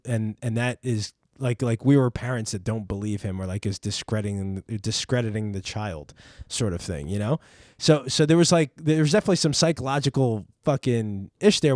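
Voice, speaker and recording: A man's voice: medium pitch, darkish tone, no room sound. A man with a mid-range voice talks through a family story in loose, unscripted podcast chat. He rambles, doubles back on his words and swears without a second thought, all recorded dry and close to the mic. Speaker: podcast host, parent.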